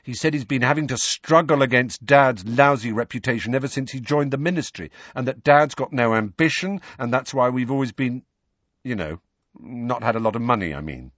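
A man's voice: medium pitch, moderate pace, a bit bright, no echo, lo-fi sound, voice pushed up, close to an everyday voice. A man voicing an agitated teenage boy in an audiobook reading, rambling and trailing off. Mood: upset. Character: upset teenage boy, quick-talking.

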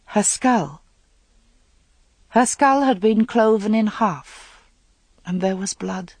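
A narrator reading a dramatic story aloud in a measured manner. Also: medium pitch, steady tone, no echo. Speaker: audiobook narrator.

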